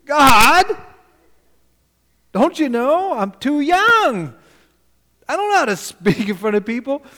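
A man's voice: extremely high pitch, big pitch swings, sharp tone, in a large hall, voice pushed up, full character voice. A preacher voicing a reluctant young male prophet who whines and pleads, unsure of himself. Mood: whining. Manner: whining, pleading, drawn-out.

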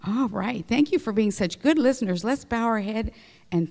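A middle-aged woman telling a Bible story to children during a church service, animated and expressive. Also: fairly high pitch, moderate pace, vocal fry. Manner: animated storytelling with acted-out voices. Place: church sanctuary. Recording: reverberant church hall.

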